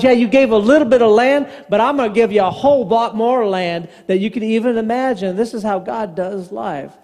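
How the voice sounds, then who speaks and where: A man's voice: high-pitched, darkish tone. A man preaching a sermon as pastor, telling stories and acting out the dialogue in them. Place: church sanctuary. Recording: long church hall reverb.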